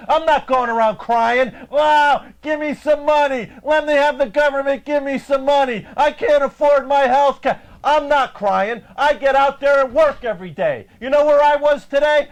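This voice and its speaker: High-pitched man ranting indignantly. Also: poor audio. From United States. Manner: heated, indignant ranting with stammered fillers. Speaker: host of a live web show. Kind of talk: ranting political call-in show.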